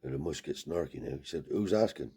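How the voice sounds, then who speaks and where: Very deep husky man. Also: fairly even intonation, quick pace, a little mellow. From Cornwall. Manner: rambling yarn with dialect grammar. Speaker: travelling scrap dealer. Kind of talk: casual storytelling.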